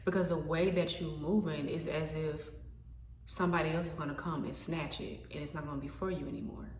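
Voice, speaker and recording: Low-voiced woman musing aloud in a roomy space. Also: fairly even intonation, brisk, recorded from a distance, noisy background. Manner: rambling, thinking aloud, self-questioning; self-conscious, stumbles and repeats words. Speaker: vlogger. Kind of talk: casual reflective monologue to camera. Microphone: camera.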